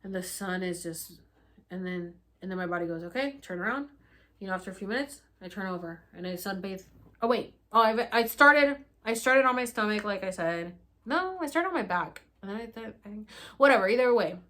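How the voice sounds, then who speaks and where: A young woman vlogger telling a story casually and animatedly, acting out her own pleas in high, loud bursts and swearing freely. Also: animated, a little fast.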